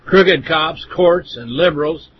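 A man's voice: fairly high pitch, measured pace, a little hiss or hum. A man reading aloud from a first-person text in a blunt, contemptuous manner. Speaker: reader. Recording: dull lo-fi recording.

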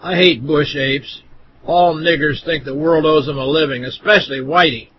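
A man's voice: fairly high pitch, moderate pace, a little hiss or hum. A man reading aloud from a first-person text in a blunt, contemptuous manner. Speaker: reader. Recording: dull lo-fi recording.

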